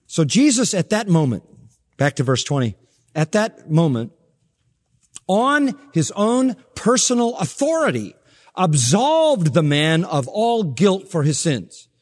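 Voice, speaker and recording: A man preaching a sermon as pastor, emphatic, with sharp rises in pitch and soft drops at the ends of phrases. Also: big-room sound.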